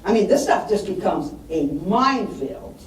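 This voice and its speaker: A woman's voice: mid-range voice, big pitch swings, normal speed. Woman, storytelling speaker, distant mic, roomy hall echo, faint background noise. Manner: storytelling, acts out quoted voices. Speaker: estate planning speaker. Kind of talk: public talk with anecdotes.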